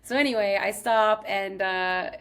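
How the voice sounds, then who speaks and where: A woman's voice: mid-range voice, steady tone, unhurried, fairly bright tone, clear, resonant tone. A young woman from Texas hosting a podcast, chatting casually as she tells a personal story, filling her sentences with "like". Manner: chatty, heavy use of "like". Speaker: podcast host.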